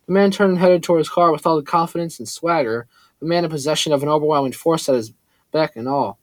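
A man reading a first-person story aloud in a steady, earnest way. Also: fairly high pitch, quick pace, no room sound. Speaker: audiobook narrator. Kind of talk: first-person scripted narration.

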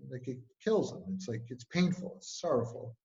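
With a mid-range voice at normal speed and lo-fi sound, a man talks casually as an interview guest and speaking coach. He spins energetic stories full of filler words, especially "like."

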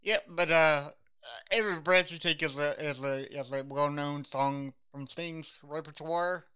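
A man's voice: a little high, steady tone, unhurried, pushed and bright, clear, resonant tone. A man co-hosting a podcast, chatting casually about songs, hesitant with many fillers and trailing words. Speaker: podcast co-host.

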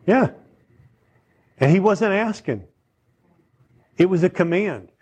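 This preacher's voice is high and animated yet slow, a little mellow with a breathy edge. He delivers his sermon as conversational teaching, regularly checking in with listeners and asking them questions.

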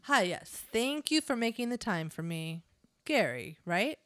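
A woman's voice: on the high side, very animated, fairly bright tone, no echo. A woman reading the part of a sly male devil applying for a job, full of suggestive puns. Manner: suggestive, punning, slow and drawling. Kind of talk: reading a comedy script aloud.

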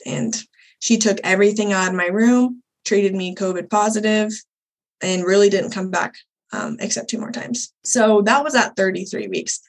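A young woman speaking as a podcast guest, recounting a personal story candidly and with animation. Her voice sits at a middle pitch, and she slips into the voices of the people she quotes. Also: moderate pace, vocal fry, poor audio. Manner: candid, animated retelling, acts out quoted dialogue. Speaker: guest, birth doula.

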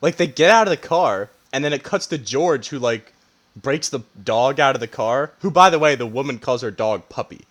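A man's voice: mid-range voice, lively intonation, normal speed, fairly bright tone. A man co-hosting a casual movie review, giggling as he retells scenes and quotes lines. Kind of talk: casual chat.

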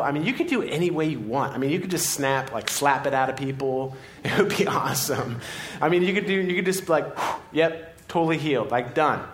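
A man preaching a sermon in a church, playful and animated, laughing as he acts out scenes. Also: on the high side. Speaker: pastor.

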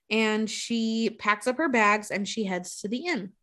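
A woman's voice: mid-range voice, measured pace. A woman casually retelling a movie plot with frequent swearing, acting out the characters' lines. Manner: profane, animated retelling with quoted voices.

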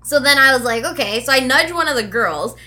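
A woman co-hosting a podcast, telling a story with lively asides and plenty of swearing. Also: high-pitched, brisk, a loud crowd. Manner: animated, swears freely, tells stories with quoted asides. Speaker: podcast co-host. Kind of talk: casual storytelling chat.

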